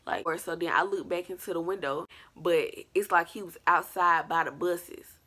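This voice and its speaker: Woman vlogger, slightly low voice, casual and animated, acts out her story. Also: moderate pace. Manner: animated, colloquial, acts out scenes. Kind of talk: storytime vlog.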